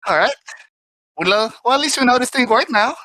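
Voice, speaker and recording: Woman player at a tabletop game, kinda high bright voice, dry close sound. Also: expressive, dry recording. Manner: chatty, stumbling restarts, quick laughs. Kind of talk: tabletop role-play chat.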